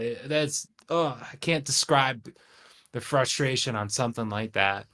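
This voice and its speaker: Male streamer host, mid pitch, animated, rhetorical style. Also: unhurried. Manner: animated, rhetorical questions, frequent "right?". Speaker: trading channel host. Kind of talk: casual livestream talk.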